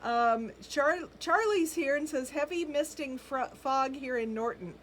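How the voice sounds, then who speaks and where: A woman's voice: high voice, animated, unhurried, a bit bright, slight background noise. A middle-aged woman hosts a live shopping stream, chatting casually, greeting viewers by name and reading their comments with frequent ums and laughs. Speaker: boutique live-sale host.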